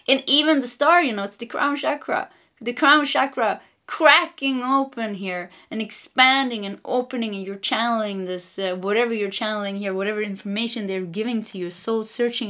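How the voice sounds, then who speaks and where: A woman with a Swedish accent giving a casual spiritual tarot reading, meandering and giggly, gently reassuring. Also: a little high. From Sweden. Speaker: tarot card reader.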